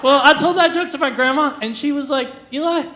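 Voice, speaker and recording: A young stand-up comic with a high voice tells absurd jokes in a flat, deadpan way. The delivery stumbles through restarts and little fillers. The sound carries the roomy echo of a live venue. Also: quick pace, noisy background. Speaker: stand-up comedian. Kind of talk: stand-up comedy set. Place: live comedy venue stage.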